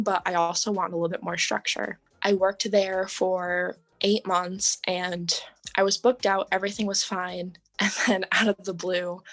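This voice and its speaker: A young woman, a podcast guest, telling her story in casual conversation, full of "like" and "um" and quick laughs. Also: on the low side. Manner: chatty, lots of "like" and "um", laughs often.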